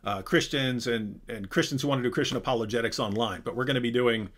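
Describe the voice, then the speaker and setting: Bright, animated male live-stream host. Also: medium pitch, fast talker. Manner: animated, chatty, frequent restarts and asides. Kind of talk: casual live Q&A chat.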